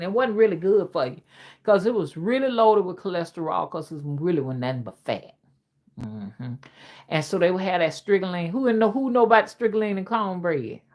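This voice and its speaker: With a mid-range voice and an old-fashioned Southern accent, a woman from Alabama hosts a casual livestream and reads viewers' comments in a folksy manner.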